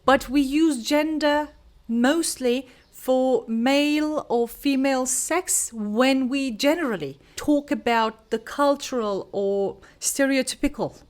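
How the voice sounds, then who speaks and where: A young woman, an English teacher giving an unhurried pronunciation lesson to camera, explaining each word with example sentences. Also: high-pitched, expressive. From Turkey.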